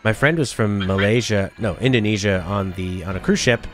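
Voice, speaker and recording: A man's voice: on the low side, moderate pace, faint music behind. A man streaming a game with a friend, chatting and telling a story, sometimes reading the game's lines aloud in playful voices. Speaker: let's play streamer. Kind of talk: casual gameplay chat, reading game dialogue aloud.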